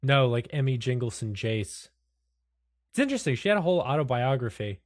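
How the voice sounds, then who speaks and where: A player in a tabletop game speaks in character, full of incredulous questions, with a lively pitch that swings widely. The sound is dry and close with no room. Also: no echo. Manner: incredulous questions, halting restarts. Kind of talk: in-character tabletop role-play.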